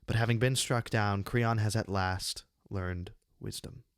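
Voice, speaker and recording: Measured man reading a literary essay. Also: on the low side, steady tone, smooth, dry recording, clean studio sound. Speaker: channel host giving a literary analysis. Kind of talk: read essay on a classic play. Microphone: close studio microphone.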